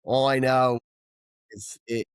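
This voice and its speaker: Middle-aged male podcast co-host, rambling and enthusiastic, average pitch, dry close mic. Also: fairly even intonation, slow, clear, resonant tone, no room sound. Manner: rambling, enthusiastic, many restarts. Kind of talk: casual rock music chat.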